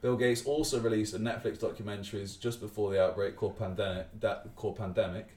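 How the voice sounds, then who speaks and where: Casting: fast, low-pitched bloke, excitable, trips over his words. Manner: conspiratorial, excitable, stammers. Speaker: podcast co-host. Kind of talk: casual tipsy banter.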